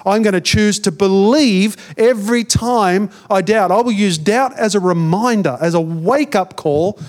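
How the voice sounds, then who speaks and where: A man's voice: high-pitched, a little slow. A man with an Australian accent, a pastor giving a conversational sermon, often repeating words as he builds a point.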